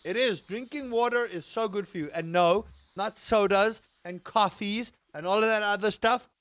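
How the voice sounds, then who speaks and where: A man's voice: sits high, moderate pace, a bit bright, dry recording. A man hosting a livestream in casual chat, reading out and answering chat with playful jokes and mock outrage. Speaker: livestream host.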